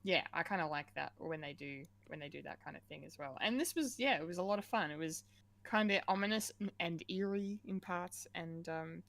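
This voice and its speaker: A woman co-hosting a casual pop-culture podcast, chatty and quick to laugh, with lots of fillers. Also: fairly low pitch, creaky, a bit bright. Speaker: podcast co-host.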